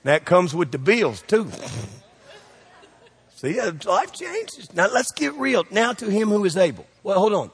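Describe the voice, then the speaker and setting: High-voiced preacher in a hall. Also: male voice, very animated, breathy edge. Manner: preachy and joking, quick shifts in loudness, call-and-response questions. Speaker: pastor. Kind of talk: sermon.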